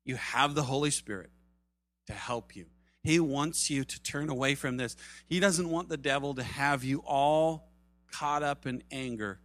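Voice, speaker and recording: A middle-aged man preaching a sermon, earnest, swinging from loud urging to soft, low asides. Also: unhurried, dry recording. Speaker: pastor.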